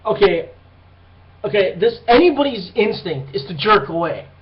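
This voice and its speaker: A young man with a high-pitched voice tells a rambling story full of swearing, acting out the people in it. The recording is dull and lo-fi. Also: normal speed, a little hiss or hum. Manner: profane, rambling, animated retelling. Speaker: vlogger. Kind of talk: casual storytelling monologue.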